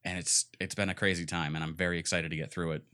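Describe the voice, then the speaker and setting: A man's voice: low-pitched, little pitch movement, fast talker, sharp tone. A young man co-hosting a casual podcast, rambling enthusiastically about video games with lots of fillers. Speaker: podcast co-host. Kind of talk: casual gaming chat.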